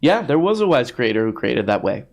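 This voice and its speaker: A man's voice: mid-range voice, big pitch swings, a little fast, gravelly, a little hiss or hum. Sarcastic man riffing casually. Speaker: podcast host. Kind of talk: casual comedic commentary.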